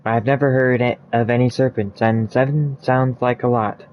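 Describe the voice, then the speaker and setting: A man's voice: medium pitch, fairly even intonation, normal speed, highs cut off, slight background noise, natural voice. Man voicing a chatty talking head in mud. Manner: chatty, pleading, easily annoyed. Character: cheerful thirsty talking male head buried in mud.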